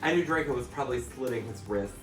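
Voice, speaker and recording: A man's voice: mid-range voice, animated, quick pace. A man, a drag performer, giving a campy, comic dramatic reading of a fanfic and breaking into laughter. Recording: echoey room, mic at a distance, faint music.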